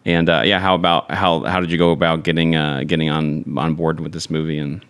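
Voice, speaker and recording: A man hosting a podcast, asking relaxed, hesitant questions full of fillers. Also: very deep voice, brisk, smooth. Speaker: podcast host. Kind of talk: casual interview.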